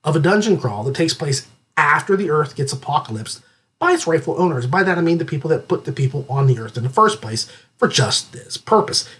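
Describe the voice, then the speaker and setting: A man hosting a podcast and reviewing books in a casual chat, excitable and jokey, rambling with many restarts. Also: a little high, a little fast, husky. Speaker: podcast host reviewing audiobooks.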